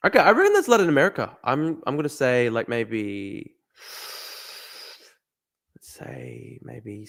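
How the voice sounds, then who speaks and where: A man's voice: on the low side, creaky, a bit bright. Australian man swearing through a live stream. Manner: swears often, thinks aloud, talks to chat. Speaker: livestreamer. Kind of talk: casual live-stream commentary.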